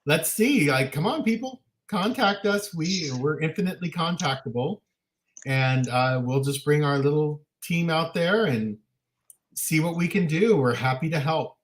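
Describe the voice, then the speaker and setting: A man's voice: on the high side, lively intonation, measured pace. A man co-hosting a casual talk show livestream, chatty and often restarting his sentences. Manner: chatty, frequent self-restarts. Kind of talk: casual chat. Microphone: livestream setup.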